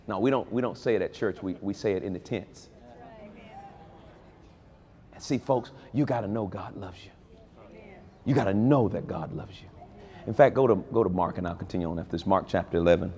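A man delivers a sermon to a big convention crowd, his pitch sitting in a middle range for a man. He preaches with animation, climbing into loud, high exclamations and then falling to low, quiet asides. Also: normal speed, pauses often. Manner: animated preaching with wide swings in pitch and loudness. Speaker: pastor. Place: large convention hall.

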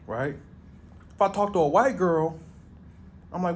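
A man's voice: on the high side, expressive, measured pace, pauses often, slight background noise. A man hosting a reaction video, talking bluntly and profanely in a riffing commentary.

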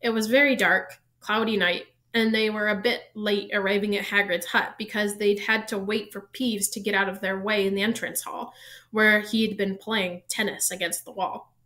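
A woman reading a novel aloud in an even storytelling manner, now and then correcting a slip. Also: mid-range voice, normal speed. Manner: even storytelling pace, small self-corrections. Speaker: reader.

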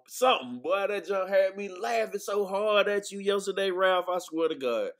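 A man's voice: sits high, animated, normal speed, few pauses, a bit bright. A man hosting a casual livestream chat, laid-back and laughing easily, ending his lines with "man". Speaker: host.

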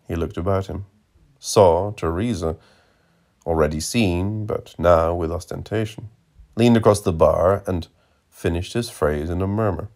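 A man narrating a literary audiobook in a measured, deadpan way. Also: low-pitched. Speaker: audiobook reader.

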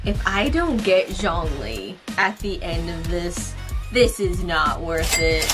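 A woman's voice: on the low side, expressive, takes it slowly, fairly bright tone. A woman streaming a game, reacting in a dramatic, pleading way with plenty of swearing. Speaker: gaming streamer. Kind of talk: emotional casual reaction vlog. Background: game music.

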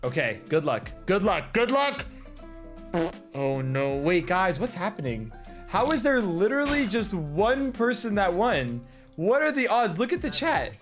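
Casting: male gaming host, high voice, loud hyped announcer energy, faint music bed. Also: big pitch swings, moderate pace. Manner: hyped, shouty announcing, teasing. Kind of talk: excited gaming video commentary.

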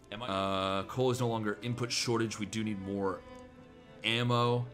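A man giving casual gameplay commentary, excitable and jokey, with sudden swearing outbursts. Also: lowish voice. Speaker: gameplay streamer.

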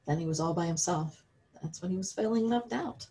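A woman's voice: on the low side, brisk, noisy background. A woman with an American accent teaching a children's religion lesson, reading a story aloud and asking the listeners questions about it.

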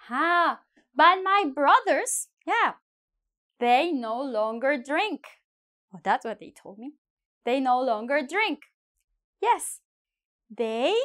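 A woman teaching a bilingual lesson, deliberately, switching between English and with playful asides. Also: high-pitched, fairly bright tone. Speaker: Spanish teacher.

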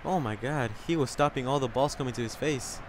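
A young man commentating his own soccer video game live, excitable and swearing, whooping and yelling at big plays. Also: medium pitch, brisk, slight background noise. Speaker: gamer.

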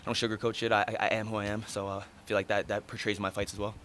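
At a post-fight press conference, a fighter in his thirties speaks in a low, slightly bright voice with little pitch movement, over slight background noise. He's fast, talkative and blunt, and he swears freely in his casual answers.

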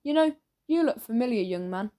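A woman's voice: a little high, animated, fairly quick, warm tone, close to an everyday voice. A woman voicing an overly eager, chatty male newsagent who keeps pushing sweets in a salesy, fawning way.

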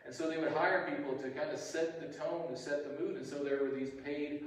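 A man's voice: a little high, fairly even intonation, brisk. A man preaching a sermon as pastor, telling the story conversationally with frequent restarts. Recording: echoey hall, distant mic.

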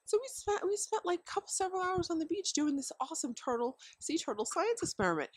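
A woman's voice: very high-pitched, big pitch swings, quick pace, no room sound. A woman giving casual parenting advice to the camera outdoors, rambling with many fillers and frequent chuckles. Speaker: homeschooling parent vlogger. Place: outdoors at home by a deck with chickens.

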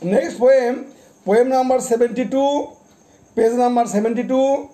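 A man, a poet, reciting his own poems, announcing each title and page number deliberately and repeating them, then explaining each poem. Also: extremely high pitch, mellow. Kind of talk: poetry recitation.

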